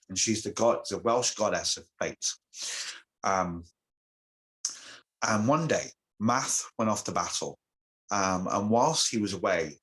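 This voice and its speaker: A man, a shamanic teacher, retelling an old myth as a guest in an animated, halting way. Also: low voice, poor audio. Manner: animated storyteller, halting with restarts. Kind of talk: telling a myth in conversation.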